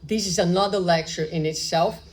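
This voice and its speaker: At a normal speed and with a lowish voice, a woman leads a conversational spiritual lecture for the public, frequently asking rhetorical questions and ending lines with "right?". She plays out little dialogues as she tells her story, though the audio is poor.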